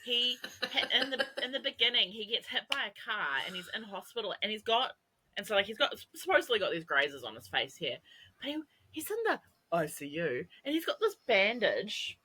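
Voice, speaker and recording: A woman's voice: mid-range voice, sing-song, moderate pace, sharp tone, slightly rough, poor audio. A young adult woman co-hosting a podcast, telling a long rambling story with swearing and laughter. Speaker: podcast co-host. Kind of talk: casual chat.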